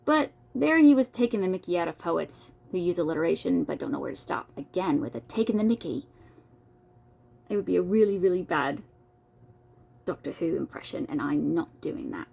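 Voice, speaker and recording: A woman's voice: lowish voice, animated, fairly quick, vocal fry, darkish tone. Young woman doing a read-aloud of a book, jokey little asides about herself. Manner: playful, self-deprecating asides. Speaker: book reader. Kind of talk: reading a nonfiction book aloud with chatty asides.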